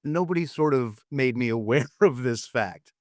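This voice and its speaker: A man telling a story in a casual podcast chat, animated and acting out the people he quotes. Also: normal speed, dry recording, studio quality. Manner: animated, acts out quotes with big pitch jumps. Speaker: former record promotion man, guest storyteller.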